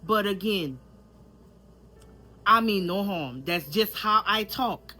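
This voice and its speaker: Taking it slowly, a Louisiana vlogger talks to camera in an expressive, medium-pitched voice with a sharp tone while soft music plays. Her country-accented chat is candid and casual, aimed directly at viewers, with plenty of repetition.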